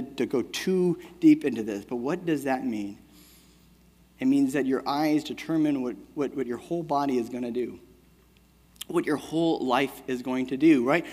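A man in his thirties preaching a sermon in a casual, conversational way, often checking in with "right?" and telling a family story. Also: a little high. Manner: conversational, keeps asking "right?". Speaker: pastor. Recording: long hall reverb.

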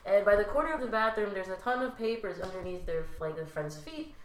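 Animated young woman in an echoey room. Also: mid-range voice, a little fast. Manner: animated, swears freely, acts out quotes. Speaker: podcast guest. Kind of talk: casual storytelling chat. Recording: roomy echo.

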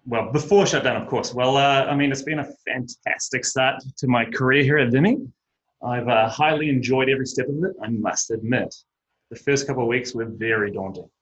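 A young man with a New Zealand accent, a guest teacher chatting casually on a podcast and running his words together fast. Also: mid-range voice, fairly bright tone, rough recording. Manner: quick, runs words together.

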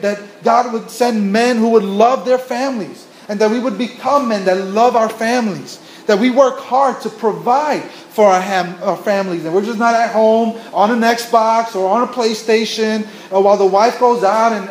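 This is a pastor preaching in a church, his voice notably high for a man. He tells stories earnestly, doubling back and repeating himself as he builds his point. The sound rings in an echoey room with faint ambience behind him. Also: slight background noise. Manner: earnest storytelling with many restarts and repetitions. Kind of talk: sermon.

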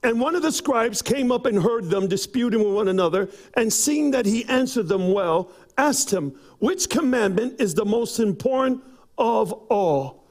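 A man preaching a sermon, telling a personal story with acted-out quotes and rising to shouts. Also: high-pitched, animated, normal speed. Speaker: pastor. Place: church.

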